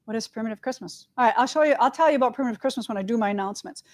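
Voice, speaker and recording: A woman's voice: fairly high pitch, very fast, darkish tone. A middle-aged woman, hosting a casual live stream for her quilt shop and running through announcements in a chatty, upbeat way. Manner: chatty and upbeat, lots of "all right" and "right?".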